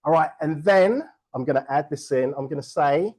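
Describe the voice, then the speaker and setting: A person hosting a virtual book launch over a video call, energetic and playful, joking with the audience. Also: mid-range voice, moderate pace, rough recording. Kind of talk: upbeat event hosting.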